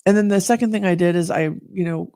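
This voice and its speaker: A woman guest telling her story in a candid conversation, earnest and animated. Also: mid-range voice, fast, no room sound, clean studio sound.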